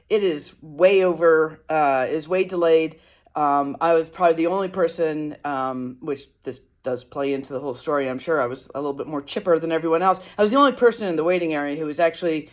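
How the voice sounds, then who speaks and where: A woman's voice: deep voice, muffled recording. A tired woman vlogger telling a story in a loose, casual way. She rambles, restarts her sentences and fills gaps with ums. She is self-deprecating.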